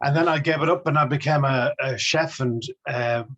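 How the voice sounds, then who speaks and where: A man's voice: medium pitch, moderate pace, fairly bright tone. A middle-aged Irish man, a musician guest, telling stories about his career with enthusiasm. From Ireland. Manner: enthusiastic, storytelling. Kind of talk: casual interview chat. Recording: dull lo-fi audio.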